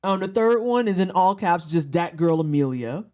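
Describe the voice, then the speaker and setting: A game streamer talking to chat mid-session in a loose, unscripted way. The talk is crude and jokey, full of swearing and offhand teasing of the game. The pitch sits in an ordinary middle range. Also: expressive, moderate pace, warm tone. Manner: profane, joking, talks to chat. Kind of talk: casual livestream chat while gaming.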